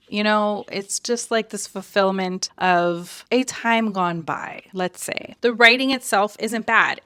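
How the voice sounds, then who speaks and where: A woman's voice: medium pitch, fairly bright tone, dry recording, clean studio sound. A woman giving a casual book review in a chatty, digressive way, full of "like" fillers and playful sarcasm, calling her viewers darling and babes.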